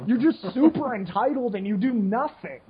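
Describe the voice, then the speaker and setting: A man's voice: very high-pitched, animated, normal speed, breathy edge, dull audio. A man in his late twenties on a casual podcast, ranting frankly and rambling with lots of restarts, short on sleep. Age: 20s. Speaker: podcast co-host. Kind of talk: casual rant.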